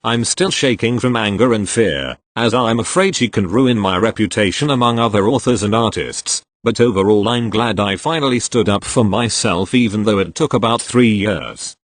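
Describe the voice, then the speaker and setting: A man reading posts aloud in a lively, expressive way. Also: on the low side, moderate pace, hardly any pauses, dry recording. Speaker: narrator reading Reddit posts.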